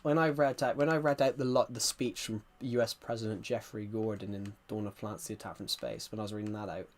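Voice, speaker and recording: A man's voice: lowish voice, steady tone, brisk. A man with a thick West Country accent, chatting casually to viewers on a live stream, rambling and repeating himself as he talks. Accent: West Country English. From rural England. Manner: rambling, repeats phrases, keeps addressing viewers as guys.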